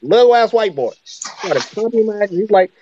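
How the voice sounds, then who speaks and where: Speaking a little fast in a high, expressive voice, an African podcast co-host trades blunt, profane opinions in casual conversation. The recording is muffled, with a faint layer of noise.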